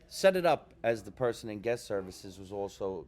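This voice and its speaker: A man's voice: on the low side, very animated, measured pace, darkish tone. A male comedian hosting a podcast in a ship lounge, chatting enthusiastically and asking his guest questions. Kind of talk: casual podcast chat. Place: ship lounge before a show.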